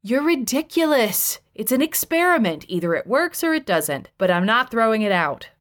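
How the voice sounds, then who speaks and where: A woman's voice: fairly high pitch, very animated, moderate pace, pitched above the performer's own voice. A woman reading an audiobook, voicing an irritable grown man who snaps back at his wife with curt, exasperated lines. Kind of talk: audiobook dialogue.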